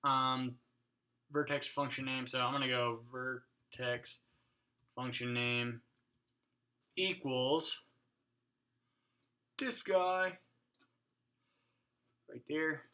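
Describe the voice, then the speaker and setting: Bright-voiced man thinking aloud while coding. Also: mid-range voice, level tone, slow pace. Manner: talks to his code, mutters and thinks aloud; mild swearing, joking asides. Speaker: programming tutorial host. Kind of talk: casual screencast coding walkthrough. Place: home desk.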